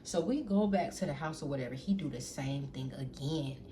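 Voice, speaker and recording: A young woman tells a personal story straight to camera in a loose, animated way, cursing freely and calling out to her viewers. A faint noise floor runs under the recording. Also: low-pitched, fairly quick. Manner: animated, profane, keeps addressing the audience as y'all. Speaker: storytime vlogger.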